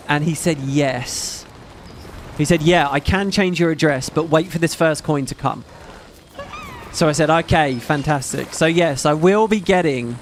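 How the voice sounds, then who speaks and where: A man chatting casually over gameplay as a YouTube host, rambling and excitable, swearing freely. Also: fairly high pitch, moderate pace, a little hiss or hum. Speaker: gaming YouTuber.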